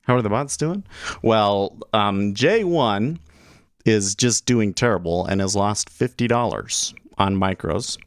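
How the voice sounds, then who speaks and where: A man's voice: fairly low pitch, expressive, slow pace, smooth, dry recording, clean studio sound. A man hosting a day trading livestream, chatting casually and thinking aloud with frequent chuckles. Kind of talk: casual live trading commentary.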